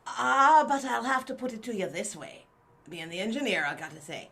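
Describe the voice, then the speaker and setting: Woman doing a blunt station chief engineer, mock Irish accent, wry, lower pitch. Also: expressive, normal speed, vocal fry, bright, forceful tone, exaggerated voice.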